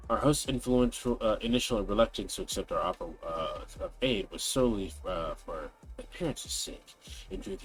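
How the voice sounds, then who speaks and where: A man voicing a measured, earnest young diplomat, formal speech broken by fillers. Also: fairly low pitch, poor audio.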